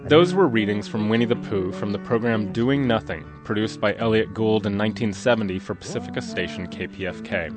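A male radio host, low-pitched, reads the closing credits of his program in a measured, scripted way. Clear theme music plays under his voice.

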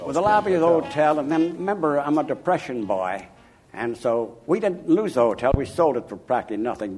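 An older man from Chicago, an author interviewed about his life, telling anecdotes in an emphatic, animated way. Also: medium pitch, slightly rough. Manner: animated, emphatic, chuckling raconteur. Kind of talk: anecdotal storytelling.

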